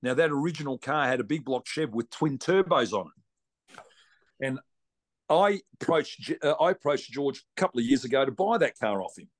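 A man's voice: medium pitch, lively intonation, normal speed. A man with an Australian accent, a racing guest telling a long story in a blunt, salty, colloquial way. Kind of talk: casual storytelling.

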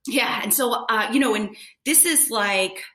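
A woman's voice: on the high side, measured pace, bright, forceful tone. A woman in her thirties, a nurse, telling a story in a candid, casual way, full of filler words and casual swearing. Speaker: nurse guest. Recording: echoey room.

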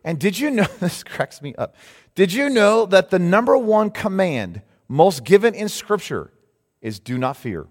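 A man preaching a sermon as pastor, lively and animated, rising into loud mock cries of alarm now and then. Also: high voice, measured pace. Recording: long hall reverb.

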